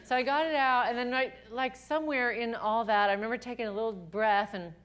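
Chatty, animated woman telling her story. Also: a little high, a little fast. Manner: self-deprecating humor. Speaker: Christian singer-songwriter speaking to women. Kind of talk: personal testimony talk.

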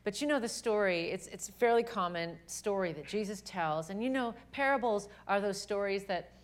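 At a women's gathering, a young woman speaks about her faith before a live audience, earnest and full of energy. Her voice is mid-range and her pace normal, and she often breaks off to begin a sentence again.

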